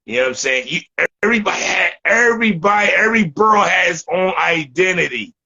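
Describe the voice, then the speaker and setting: A man's voice: high voice, expressive, quick pace, bright, forceful tone, breathy edge, highs cut off. A man from New York with a New York accent, chatting bluntly and profanely in a casual hip hop interview, often repeating words.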